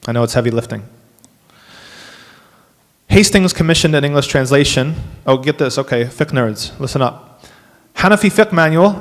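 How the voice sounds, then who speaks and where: A man, an imam, giving a workshop lecture to a live audience, animated and dropping wry asides. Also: medium pitch. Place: mosque hall. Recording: long hall reverb.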